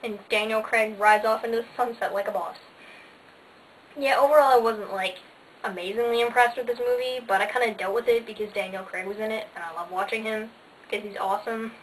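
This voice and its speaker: A teenage girl rambles through her day in a casual home vlog, bubbly and sarcastic, her speech full of "like" fillers. Her voice sits fairly high. It was recorded on a camera mic a little distant from her, with a faint hiss underneath. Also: steady tone, fairly quick. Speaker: vlogger.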